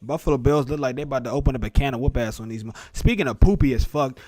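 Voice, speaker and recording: A man in his thirties hosts a sports live stream, chatting casually with viewers in a rambling, joking and profane way. He talks fast in a medium-pitched voice with a darkish tone, and there's no echo.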